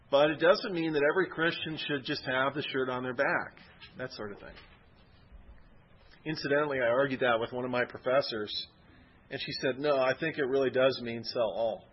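A man's voice: a little high, slightly rough. A man giving an informal Bible teaching, conversational and rambling with personal stories. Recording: dull lo-fi recording.

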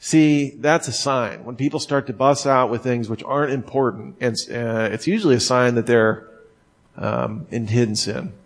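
A man's voice: medium pitch, steady tone, normal speed. A man giving an informal sermon, talking conversationally, leaning hard on key words, with frequent restarts. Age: adult, former smoker. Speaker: preacher.

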